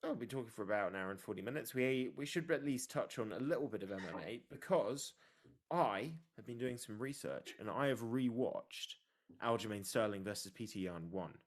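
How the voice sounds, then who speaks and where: A man's voice: mid-range voice, brisk. A young man co-hosting a podcast, chatting casually and acting out quotes as he tells stories. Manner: animated storytelling, acts out quotes. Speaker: podcast co-host. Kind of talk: casual chat.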